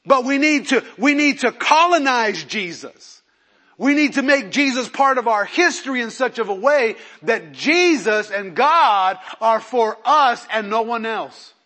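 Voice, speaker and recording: A man preaching to his congregation in a high, bright voice. He moves between slow, loud emphasis and hushed, quick asides, and he acts out the people he quotes. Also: animated. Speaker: pastor. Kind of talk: sermon.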